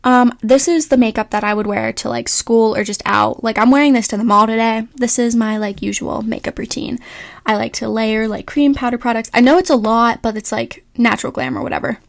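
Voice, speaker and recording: A young woman with a fairly high voice talks through her makeup routine in a casual, rambling voice-over. She fills her talk with "like" and "um" and pokes fun at herself. The recording is dry and close, with no room sound. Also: steady tone, fairly quick, gravelly, dry recording. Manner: chatty, rambling, lots of "like" and "um"; self-mocking and offhand. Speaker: beauty vlogger. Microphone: voice-over recorded separately.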